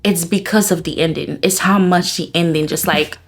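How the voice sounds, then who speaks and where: A woman chatting casually in a book review vlog. She talks with excitement, laughs often and fills her speech with "like.". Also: on the low side, normal speed, faint music behind. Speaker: book vlogger.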